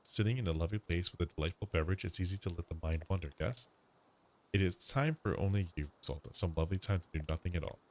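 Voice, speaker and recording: A man voicing a gentle, polite male tea shop keeper who speaks formally with slightly odd grammar. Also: low-pitched, fast talker.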